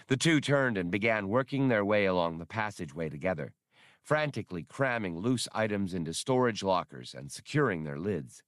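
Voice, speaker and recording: A man narrating an audiobook with an expressive, lively reading. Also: low-pitched, moderate pace, no echo, studio quality.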